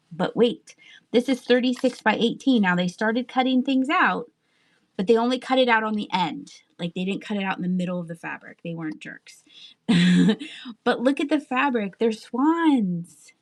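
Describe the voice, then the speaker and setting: A woman hosting a live-stream sale, chatting casually, thinking aloud with asides and trailing sentences, and laughing often. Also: mid-range voice. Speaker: live online seller. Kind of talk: live-stream sales chat.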